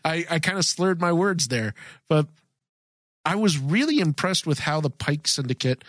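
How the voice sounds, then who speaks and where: Podcast co-host, male, slightly high voice, dry close sound, eager and rambling. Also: normal speed, no room sound. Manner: excited, rambling with restarts. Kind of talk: casual chat.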